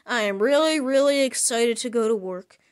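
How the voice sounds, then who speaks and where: A woman narrating her own plush toy skit in a chatty, repetitive way, talking through each step out loud. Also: on the high side, moderate pace. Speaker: plush video maker.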